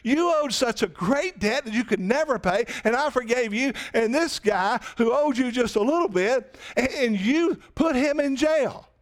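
A man's voice: very high voice, lively intonation, moderate pace, few pauses, voice pushed up. A man voicing a stern, powerful king who settles debts, speaking in blunt commands. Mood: indignant.

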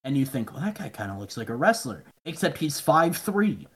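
A man's voice: on the high side, big pitch swings, a little fast. A man, a podcast guest, telling rambling stories in casual chat, swearing often and mumbling the voices of people he quotes.

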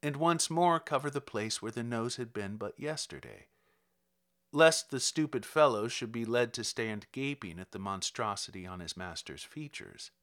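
A man narrating a classic story aloud in an expressive storytelling manner. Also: medium pitch, normal speed. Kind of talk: audiobook narration.

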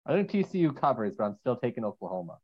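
A man on a casual sports podcast, talking through his picks in a measured way over a call. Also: mid-range voice, sing-song, husky, muffled recording. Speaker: panelist.

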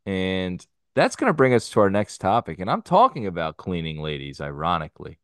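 A man's voice: low voice, big pitch swings, brisk, no echo, clean studio sound. A man hosting a podcast in casual chat, easygoing and steering the topics. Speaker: podcast host.

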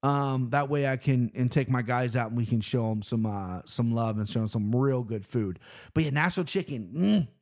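A man's voice: medium pitch, moderate pace, a little mellow. A man from Cincinnati telling a loose, profane, rambling story, recapping his weekend in casual talk. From Cincinnati, Ohio, US. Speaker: vlogger.

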